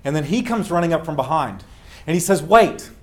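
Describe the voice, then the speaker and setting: A man delivering a welcome speech, earnest and emphatic, with a slightly higher voice than most men. He slows down to land his key lines. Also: expressive. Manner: earnest, emphatic, slowing for effect. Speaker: welcome speaker. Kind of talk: public storytelling speech.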